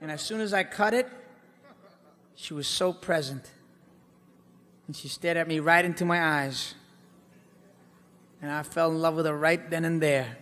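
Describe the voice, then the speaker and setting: A man performing a comic stage monologue in a theater, telling his story with animated swings between loud and hushed delivery. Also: on the high side, measured pace, long pauses. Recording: live hall reverb, faint background noise.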